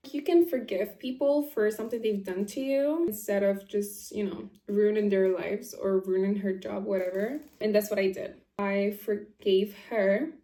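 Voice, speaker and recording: A woman's voice: mid-range voice, fairly even intonation, moderate pace, few pauses, dark tone. A woman vlogger telling a story in casual chat, emphatic, saying "like" a lot and laughing as she goes. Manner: chatty and emphatic, often says "like", laughs while telling. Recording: echoey room.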